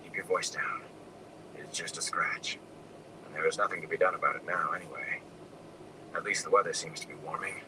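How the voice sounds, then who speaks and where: A man voicing a wounded, gruff older farmer who speaks in low, weary, hushed tones. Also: steady tone, quick pace, close to an everyday voice. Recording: distant mic with air conditioning noise.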